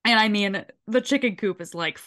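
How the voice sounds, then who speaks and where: A woman with a sore throat, co-hosting a podcast and recapping a show in an animated, swearing retelling. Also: medium pitch, moderate pace. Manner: animated, swears freely, briefly mimics characters while retelling. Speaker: podcast co-host. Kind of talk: casual chat recapping a show.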